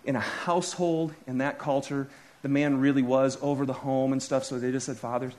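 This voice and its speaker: A man in his thirties preaching a sermon as a pastor, telling stories with his voice rising high and dropping low. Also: a little fast. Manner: animated storytelling, voice rising and dropping sharply.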